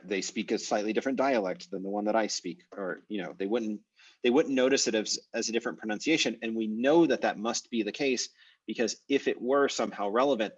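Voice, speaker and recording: Husky low-voiced man on a call. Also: recorded from a distance. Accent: American English. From United States. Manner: chatty, rambling, many fillers. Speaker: online language course teacher. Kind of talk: casual online class discussion. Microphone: video call. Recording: muffled video call audio.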